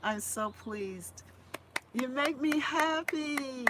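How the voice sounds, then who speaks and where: A woman's voice: sits high, lively intonation, drawn-out words, heavy background noise. A woman hosting a live gardening stream, chatting with viewers in an effusive way and singing a little jingle, recorded on a phone. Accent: Boston. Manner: warm, effusive, sings a homemade jingle. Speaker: gardening channel host.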